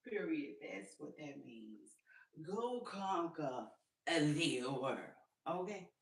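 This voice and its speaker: A woman's voice: low-pitched, animated, extremely slow, creaky, long pauses, reverberant, far from the mic. A woman ranting casually to camera, sassy and profane, laughing between lines. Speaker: vlogger. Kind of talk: casual commentary rant.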